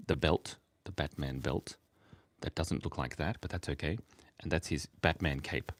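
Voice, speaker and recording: A man with a deep voice, recorded with no room sound, hosts a laid-back livestream in the early morning, drawing for his chat. He's sleepy and rambles, giggling and joking with viewers and poking fun at himself as he works.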